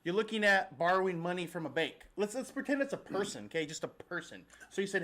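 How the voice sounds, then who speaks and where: A man with a high, bright, forceful voice reads listener questions on a casual mortgage show. He laughs easily and chats back and forth with his co-host. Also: very animated, fast, few pauses. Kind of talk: casual chat.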